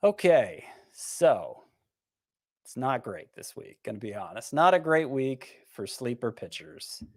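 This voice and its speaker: A man's voice: mid-range voice, no echo, clean studio sound. A man giving fantasy baseball picks in casual podcast chat, wry and self-mocking, thinking aloud as he goes.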